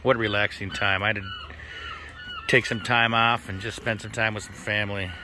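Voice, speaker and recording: A middle-aged man giving relaxed, chatty tour-guide commentary for a family travel vlog, recorded outdoors on a handheld camera. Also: on the low side, brisk, background noise. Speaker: family vlogger. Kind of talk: casual travel vlog narration. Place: outdoors on a lake and trails.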